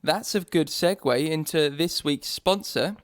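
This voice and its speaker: A man's voice: on the high side, a little slow, no room sound. A young man from England co-hosting a casual podcast, joking and laughing often, with frequent restarts. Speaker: podcast co-host.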